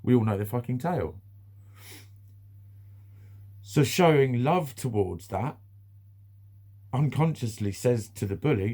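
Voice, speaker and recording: A man's voice: mid-range voice, expressive, unhurried, pauses often, dark tone. A British man ranting bluntly in a casual vlog monologue, swearing freely, repeating himself and laughing now and then. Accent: British English. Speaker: vlogger.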